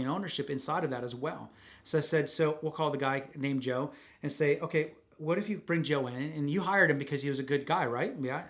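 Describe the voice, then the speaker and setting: A man coaching on a podcast, telling a client story and acting out both sides of the dialogue, with frequent restarts. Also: on the high side. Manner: repeats words, restarts sentences. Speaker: podcast host, business coach. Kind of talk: conversational teaching.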